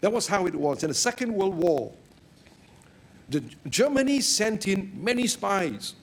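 A man preaching a sermon, telling stories in a lively way and breaking into sudden loud exclamations. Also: high-pitched, measured pace.

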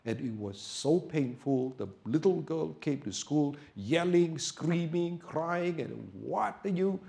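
Preacher man, soft then rising loud. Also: fairly high pitch, animated, slow, vocal fry. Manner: builds from soft storytelling to loud emphatic preaching. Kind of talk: sermon with storytelling.

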